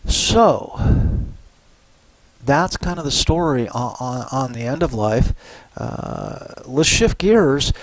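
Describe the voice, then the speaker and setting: A middle-aged man giving a university psychology lecture in a relaxed, conversational way, often tagging on "right?" and "you know". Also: mid-range voice, no echo, poor audio. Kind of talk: recorded lecture.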